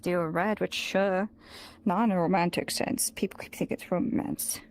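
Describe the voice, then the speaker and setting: A woman's voice: fairly low pitch, fairly even intonation, normal speed. A woman doing in-character voice roleplay, earnest and emotional, often dropping to a whisper. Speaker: roleplay player.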